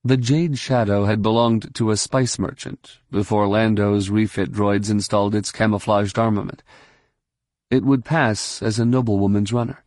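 A man reading a novel aloud in steady scripted narration. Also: on the low side, moderate pace, no echo, studio quality. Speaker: audiobook narrator.

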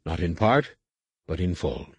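A man's voice: low voice, big pitch swings, a little slow, slightly rough, dry recording, exaggerated voice. A man voicing a confident, wry male starship captain in an audiobook, giving orders with dry humor. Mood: commanding.

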